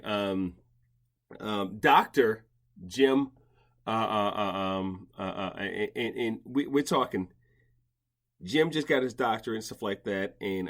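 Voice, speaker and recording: A man hosting a casual podcast chat, talking in rambling bursts with many restarts and stammers. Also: on the low side. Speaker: podcast host, dog behavior expert.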